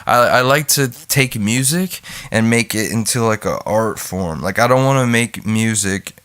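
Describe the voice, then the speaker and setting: This podcast host from the United States has a lowish, clear, resonant voice with a slight brightness, and he keeps a moderate pace. Alone on the mic, he wanders from topic to topic, cursing freely, acting silly and occasionally bursting into song.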